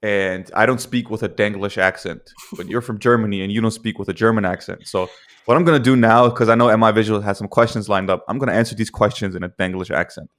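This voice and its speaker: A man's voice: on the low side, fairly even intonation, fast talker, a bit bright. A man from Denmark co-hosting a podcast, chatting casually and joking with laughs. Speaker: podcast co-host. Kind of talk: casual chat.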